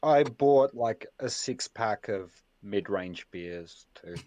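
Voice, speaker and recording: A man's voice: fairly low pitch, expressive, slow pace, warm tone, no room sound. A man playing a tabletop game, chatting casually and cracking jokes. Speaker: player.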